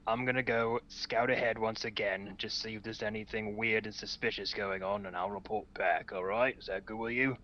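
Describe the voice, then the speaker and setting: A man's voice: fairly low pitch, fairly even intonation, normal speed, hardly any pauses, dull audio, a little hiss or hum. A man playing a tabletop game, joking and bantering in a brash way. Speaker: player. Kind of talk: casual tabletop game chat.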